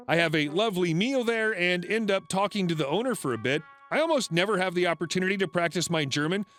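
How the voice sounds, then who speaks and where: A man narrating internet stories in a wry, expressive scripted read. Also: high-pitched. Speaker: story narrator. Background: faint music.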